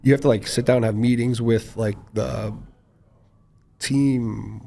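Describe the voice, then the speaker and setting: A man, a former professional football player, chatting casually as a guest in an interview, talking quickly with many fillers. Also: mid-range voice, fairly even intonation, creaky, dark tone. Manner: quick, rambling, frequent fillers.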